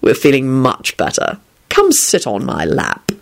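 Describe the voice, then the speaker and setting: A woman's voice: rumbling low, wildly swooping pitch, unhurried, gravelly, pitched below the performer's own voice, exaggerated voice. A woman voicing a cheerful, self-righteous man with a violent streak who talks matter-of-factly. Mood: blithe. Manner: casual and matter-of-fact.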